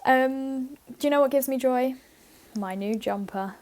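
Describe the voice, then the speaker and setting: A woman with a high, darkish voice co-hosts a podcast, speaking a little slowly while she reads a list aloud. The chat is casual and playful, full of giggles and offhand swearing.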